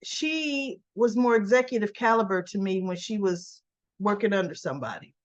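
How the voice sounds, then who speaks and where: This woman, with a mid-range voice at normal speed, gives a chatty rundown of a soap opera episode. She retells the scenes and voices what each character says.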